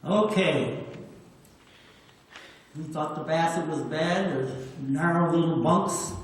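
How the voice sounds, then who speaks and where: A man's voice: a little high, slight background noise. A man in his nineties, a veteran telling plain-spoken stories to an audience and repeating words for emphasis. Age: 90s. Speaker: WWII veteran speaker. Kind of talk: storytelling talk. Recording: echoey hall, distant mic.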